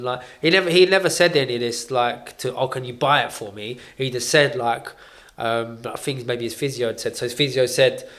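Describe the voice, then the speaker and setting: A young man, a podcast co-host, telling a story in casual chat, full of "like" and acting out what others said. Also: medium pitch. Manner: animated, heavy on fillers, acts out what others said. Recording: roomy echo.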